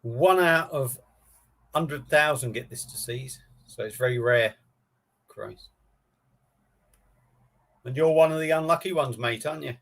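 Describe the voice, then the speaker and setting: A man hosts a relaxed live stream, talking off the cuff to viewers. His delivery is rambling and matey, with easy swearing thrown in. His voice sits at an ordinary middle pitch. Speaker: beer review streamer. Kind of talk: casual live-stream chat.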